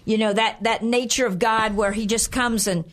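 A woman's voice: on the high side, fairly even intonation, moderate pace. An older woman co-hosting a Christian program, giving a chatty Bible teaching with frequent laughs and check-ins.

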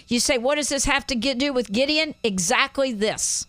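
A woman hosting a Christian talk show, teaching scripture with an emphatic, drawn-out preaching cadence. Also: sits high, a bit bright, clean tone, no echo. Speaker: host.

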